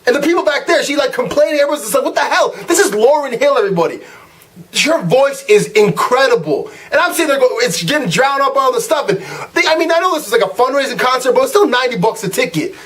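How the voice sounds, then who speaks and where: A young man with a very high-pitched voice rattles off a casual vlog rant to camera at a fast clip. He narrates a story with lots of animation, acting out people's lines, and keeps restarting and using fillers.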